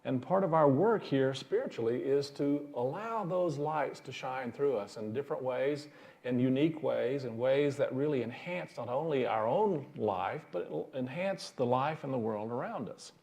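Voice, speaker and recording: A man's voice: mid-range voice, lively intonation, moderate pace, gravelly, darkish tone. A male minister giving a sermon in a folksy storytelling manner, chuckling at his own jokes.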